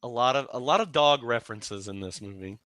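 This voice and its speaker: A man's voice: medium pitch, brisk, a crowd in the background. A man co-hosting a casual podcast, joking around and laughing easily. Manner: jokey, easy laughter. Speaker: podcast co-host. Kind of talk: casual chat.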